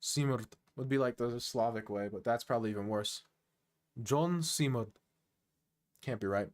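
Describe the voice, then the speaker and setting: A man streaming online chess, chatting casually and thinking aloud, quick to make fun of his own play. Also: mid-range voice. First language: English. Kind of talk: casual live-stream commentary.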